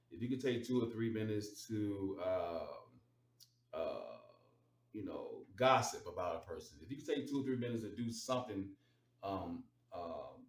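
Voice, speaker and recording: A man giving blunt, repetitive life advice in an unscripted monologue, with casual swearing. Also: fairly low pitch. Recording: roomy echo from far off mic.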